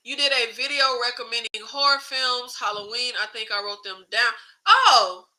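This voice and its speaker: A woman hosting a casual livestream chat, animated, swearing freely and reading out viewer comments. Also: a little high, moderate pace, poor audio. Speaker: YouTube host.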